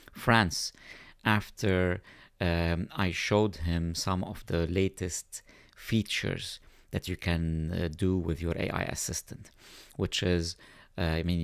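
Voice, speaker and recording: A man speaking as a podcast guest, explaining at length in a thoughtful way and pausing on fillers. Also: deep voice, smooth, no room sound, studio quality. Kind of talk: conversational explaining.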